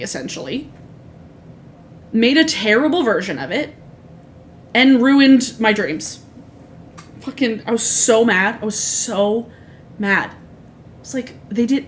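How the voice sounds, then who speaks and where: A woman in her thirties talking casually on a livestream, her voice a touch high. She rambles, corrects herself mid-sentence and swears freely. A faint hiss sits under her mic. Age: 30s. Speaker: streamer. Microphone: streaming microphone.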